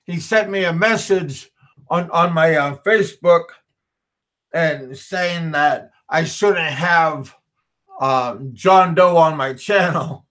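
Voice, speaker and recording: Slow, halting man chatting on a livestream. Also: a little high, a bit bright. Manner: halting, repeats words and restarts often; slow, chuckling, talks back to chat. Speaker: livestream host. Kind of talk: casual livestream chat reading viewer comments.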